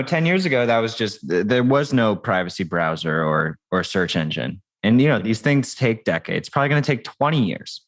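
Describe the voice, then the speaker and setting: A man who is a tech company founder, speaking as a guest in a casual podcast interview, talking loosely with frequent restarts and fillers. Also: low-pitched. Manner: conversational, many restarts and fillers.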